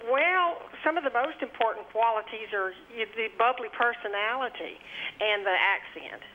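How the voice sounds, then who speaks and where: A woman talking over the phone to a TV show, excited and giggly. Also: on the high side, moderate pace, slight background noise. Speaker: caller on the phone. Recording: phone line.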